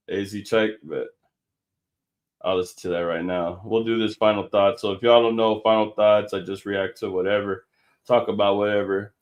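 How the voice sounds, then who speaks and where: A man hosting a casual live stream, talking in a slangy, profane way and laughing often. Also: fairly low pitch.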